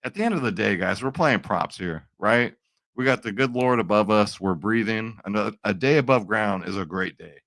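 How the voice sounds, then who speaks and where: A young man talks through his betting picks in a chatty, upbeat way, often tossing in a quick check-in with his viewers. His voice sits a little low. The sound is dry and close, with no room around it. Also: animated, creaky, fairly bright tone, no room sound. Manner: chatty, upbeat, says "right?" and "guys" a lot. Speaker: sports betting picks host. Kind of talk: casual picks video talk.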